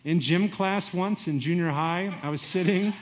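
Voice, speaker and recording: A middle-aged man preaching a sermon in a lively way, swinging between loud and quiet and acting out asides. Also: sits high, moderate pace, slight background noise. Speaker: pastor.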